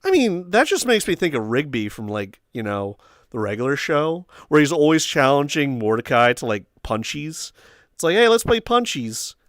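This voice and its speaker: A young man hosting a casual chat with friends, telling stories with animated quoting and loud shrieked impressions. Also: mid-range voice, moderate pace, no room sound, studio quality. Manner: animated storytelling, acts out quotes in squeals and shrieks. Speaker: host.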